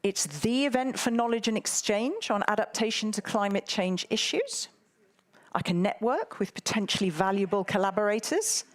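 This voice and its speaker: A woman's voice: mid-range voice, expressive, normal speed. A woman moderating a live conference, bantering and teasing the audience in a playful way. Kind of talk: live event hosting.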